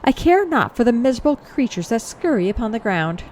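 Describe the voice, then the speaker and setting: A woman's voice: on the high side, big pitch swings, fairly quick, darkish tone, slight background noise. A woman voicing a haughty, disdainful male dragon hunter in a fantasy game. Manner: lofty, condescending.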